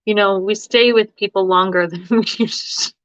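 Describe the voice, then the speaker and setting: Running a laid-back live stream as a tarot reader, this woman chats freely and laughs frequently between ideas. Her mid-range voice is steady and clean at a normal speed, with no echo, though the dry sound is a little dull.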